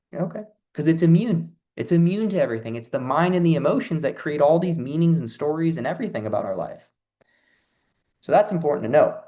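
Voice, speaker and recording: A man's voice: mid-range voice, a little mellow. A young man giving a casual motivational talk, chatty and conversational, often acting out quoted inner voices. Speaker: self-help speaker.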